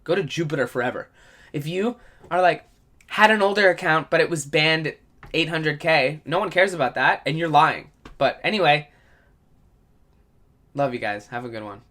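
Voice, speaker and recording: A man's voice: fairly high pitch, normal speed, pauses often, bright, forceful tone. A man hosting a solo comedy podcast, ranting in a rambling, profane way.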